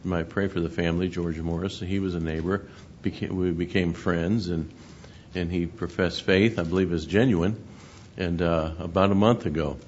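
A man preaching a sermon, halting and repeating words, then reading scripture and stories aloud more loudly. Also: deep voice, fairly even intonation, a little hiss or hum. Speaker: pastor. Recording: dull lo-fi recording.

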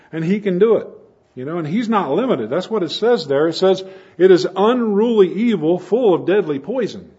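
Husky-voiced man preaching a sermon. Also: mid-range voice, highs cut off. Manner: earnest preaching with rising emphasis and soft drops.

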